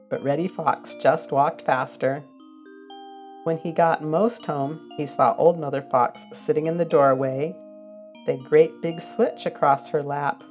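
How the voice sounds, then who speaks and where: An older woman reading a children's storybook aloud, gentle and expressive with a sing-song lilt. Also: low voice, a little slow, soft background music.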